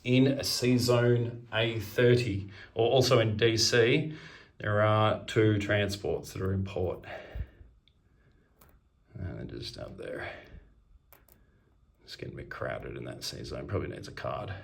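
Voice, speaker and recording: A man's voice: fairly low pitch, slow, creaky, long pauses. A man narrating his turn in a strategy board game, methodically counting units and pieces aloud as he moves them.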